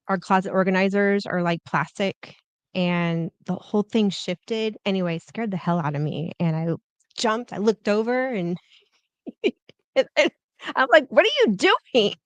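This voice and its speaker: A woman's voice: medium pitch, smooth, no echo. A woman guest on a podcast telling a funny story in casual chat, laughing often. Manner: giggly, animated storyteller.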